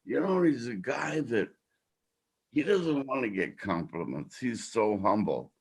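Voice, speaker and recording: A man's voice: medium pitch, sing-song, a little slow, creaky, husky. An older man hosting a podcast, talking in a heartfelt, emotional and rambling way. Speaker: podcast host. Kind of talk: casual podcast talk.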